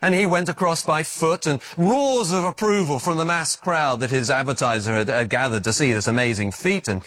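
A man preaching a sermon, telling stories in an animated way, often stumbling and restarting his words. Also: a little high, moderate pace. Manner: animated storytelling with stammered restarts.

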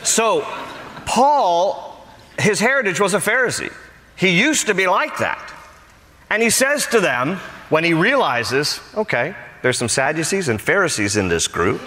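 A man preaching a sermon as pastor, animated and storytelling, acting out the voices of people he quotes. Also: high voice, a little slow, big-room sound.

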